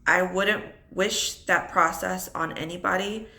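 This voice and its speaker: Holding back tears, a young single mother vlogger reflects on her divorce in an unscripted personal account. Her lowish voice stays steady in tone, gravelly yet bright and forceful, and her pace is a little slow.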